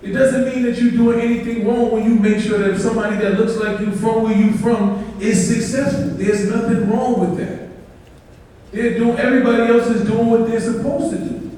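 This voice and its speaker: A man's voice: extremely high pitch, steady tone, normal speed, dark tone. Impassioned man in an echoing hall. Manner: impassioned, preachy, leads call-and-response with the crowd. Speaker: conference speaker. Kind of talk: motivational speech and spoken-word poem. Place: large conference hall. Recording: echoey hall, mic far off.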